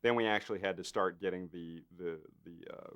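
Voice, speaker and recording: A special effects artist recounts a behind-the-scenes story in an interview, animated and filler-heavy, acting out what other people said. His low, resonant voice is clear and brisk, though the audio itself sounds dull.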